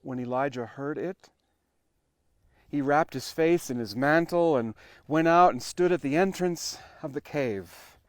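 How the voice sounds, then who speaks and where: A male pastor preaches a sermon in a fairly high voice, recorded close and dry. He tells the story in measured, paced phrases. He builds to loud emphasis and then drops to hushed, almost whispered lines. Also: dry recording. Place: church online worship recording.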